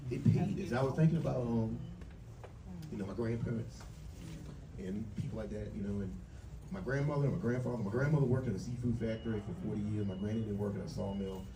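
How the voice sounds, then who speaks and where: A crime author telling a story to a live audience, animated and laughing as he goes. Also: mid-range voice, quick pace. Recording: echoey hall from far off, loud crowd noise.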